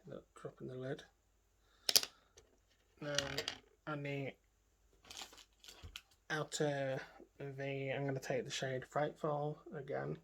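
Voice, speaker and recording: A woman's voice: a bass voice, flat delivery, slow pace, creaky, long pauses, a little hiss or hum. A woman beauty vlogger talking casually through a makeup tutorial, chatting to herself and trailing off into murmured asides as she works.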